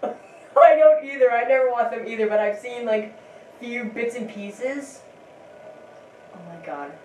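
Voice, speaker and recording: A woman's voice: a little high, measured pace, darkish tone. Giggly woman rambling over gameplay. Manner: rambling and giggly, with many restarts. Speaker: gameplay commentator. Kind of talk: casual let's-play commentary. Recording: roomy, distant mic, faint background noise.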